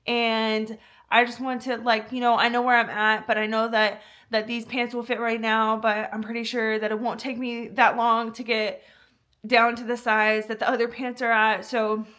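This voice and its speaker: A woman's voice: fairly high pitch, level tone, moderate pace, fairly bright tone, natural voice. A woman imitating a chatty male buyer who works in healthcare, with a put-on New Jersey type accent, rambling and overexplaining. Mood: rambling eager.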